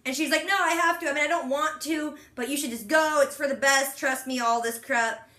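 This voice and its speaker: A young woman in casual chat, animatedly retelling a TV episode and slipping into quick quoted voices for the characters. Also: high-pitched, bright, forceful tone, echoey room. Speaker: podcast co-host recapping a TV episode.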